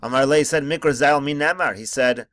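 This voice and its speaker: A man's voice: mid-range voice, fairly quick, fairly bright tone, dry recording. A man teaching a text-study lesson, reading each phrase of the original and then translating it into plain English. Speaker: Talmud teacher. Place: home study screencast.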